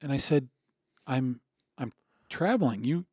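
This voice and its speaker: A man's voice: medium pitch, expressive, a little slow, a little mellow, slightly rough, no room sound, studio quality. A man in his sixties from Michigan, a podcast guest telling stories in an earnest, reflective way with many restarts. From Michigan, USA. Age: 60s. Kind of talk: conversational storytelling.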